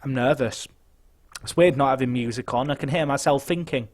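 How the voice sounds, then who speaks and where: A young man giving chatty live commentary on a football management game, nervous and excitable, muttering and then shouting. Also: mid-range voice, a little fast. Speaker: game streamer.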